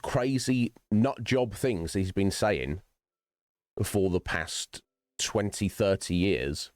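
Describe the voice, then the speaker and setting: A man's voice: lowish voice, no room sound, studio quality. A man hosting his own livestream, chatting to viewers by name in a rambling, philosophical way and swearing freely. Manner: chats directly to viewers by name. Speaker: streamer host. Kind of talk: casual livestream chat while gaming.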